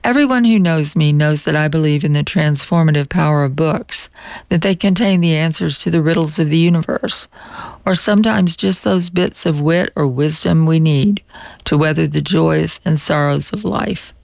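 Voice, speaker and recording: Older woman, book show host, reflective, gravelly, dry close sound. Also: sits low, a little mellow, no room sound. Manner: measured, reflective reading. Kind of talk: scripted farewell radio monologue.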